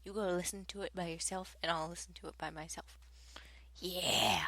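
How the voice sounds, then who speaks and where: A woman's voice: lowish voice, fairly even intonation, quick pace. A young woman reading radio segment intros, giggling and tripping over her lines as she mocks herself. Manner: giggly, stumbling over lines, self-mocking. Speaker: student radio host. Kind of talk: casual blooper-filled radio announcements.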